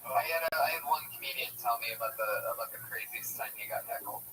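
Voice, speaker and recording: A man's voice: medium pitch, fast. A man co-hosting a casual comedy talk, telling anecdotes and acting out the voices in them. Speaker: co-host introducing comedians. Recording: distant mic with faint background noise.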